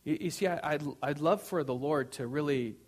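A man's voice: on the high side, moderate pace. A man preaching a sermon, speaking conversationally with frequent fillers and restarts. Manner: conversational preaching with fillers, rising to loud proclamation.

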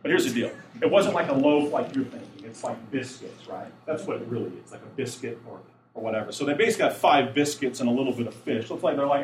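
A man's voice: medium pitch, fast talker, few pauses, a little hiss or hum. A man preaching a casual, chatty sermon who acts out the voices of the people in the story and asks his listeners questions. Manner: animated, acts out voices of Jesus and the apostles. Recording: roomy and a bit distant, faint room ambience.

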